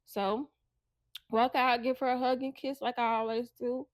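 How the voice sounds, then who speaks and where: A woman's voice: a little high, flat delivery, moderate pace, no room sound. A woman who co-hosts a podcast, telling an emotional personal story and acting out the voices of her relatives. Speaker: podcast co-host.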